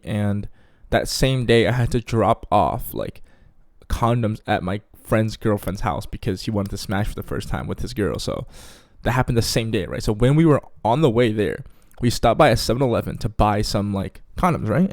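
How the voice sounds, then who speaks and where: A man's voice: lowish voice, a little mellow, no echo. Young male vlogger with a slangy, chatty storytelling manner and a dry close mic. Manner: slangy, keeps asking "you feel me?". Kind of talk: casual storytime vlog.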